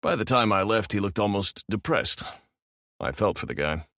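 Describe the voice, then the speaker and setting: A man narrating a romance audiobook in a calm, measured manner. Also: fairly low pitch, no room sound, clean studio sound.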